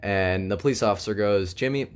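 A young man telling jokes and a long rambling shaggy-dog story in a deadpan way. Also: low-pitched, moderate pace. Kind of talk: casual joke telling.

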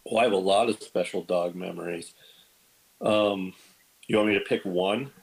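A man guest on a podcast, telling stories in casual chat, lively and animated, acting out quoted lines with big jumps in pitch. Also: moderate pace, vocal fry, low-quality recording. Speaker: podcast guest, bird dog kennel owner.

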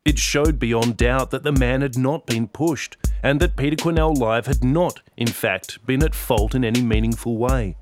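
A man reading a novel-length audio story as narrator, measured and dry. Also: mid-range voice. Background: guitar music.

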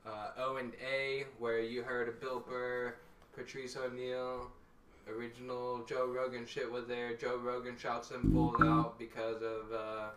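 A man's voice: medium pitch, completely flat delivery, measured pace, a bit bright, reverberant, distant mic, slight background noise, poor audio. Laughing, cursing male comic on a podcast. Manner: loose, profane, laughs often. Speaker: podcast co-host, stand-up comic. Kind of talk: casual podcast banter.

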